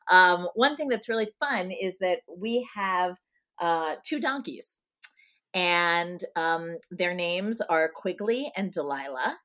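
Lively, self-deprecating woman guest. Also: lowish voice. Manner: self-deprecating, laughs easily. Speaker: guest author. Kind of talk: casual interview chat.

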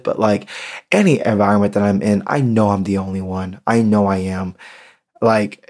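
An American young man speaking candidly in an unedited solo podcast monologue, halting with ums and restarts. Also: medium pitch. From United States. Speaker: podcast host.

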